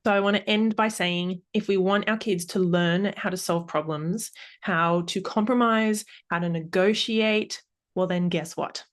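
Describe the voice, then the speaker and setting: A woman's voice: medium pitch, fairly even intonation, a little slow. A woman in her thirties hosting a solo parenting podcast, upbeat, laughing often and acting out examples. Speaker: podcast host and parenting coach.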